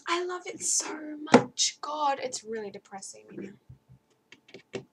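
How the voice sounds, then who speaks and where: A teenage girl chatting to camera from her bedroom, rambling and jumping high when excited. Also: slow pace, heavy background noise. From Australia. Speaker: vlogger. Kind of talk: casual chat to camera.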